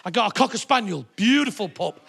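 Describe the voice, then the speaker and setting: A man's voice: high voice, lively intonation, brisk, gravelly, breathy edge. A middle-aged man doing a brash, sweary stand-up routine, telling stories to a live theatre audience. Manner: brash, sweary storytelling with shouted put-on voices. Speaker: stand-up comedian.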